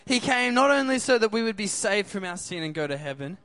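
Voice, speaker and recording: Upbeat high-voiced preacher. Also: male voice, sing-song, fairly quick, pushed and bright, dry recording. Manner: upbeat, keeps asking the crowd questions. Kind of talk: sermon.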